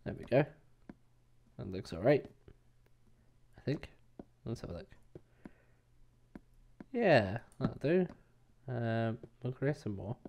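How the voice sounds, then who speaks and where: A man's voice: medium pitch, sing-song, slow pace, vocal fry, pauses often, a little mellow. A man giving casual gameplay commentary as a let's play host, rambling and hesitant with many fillers.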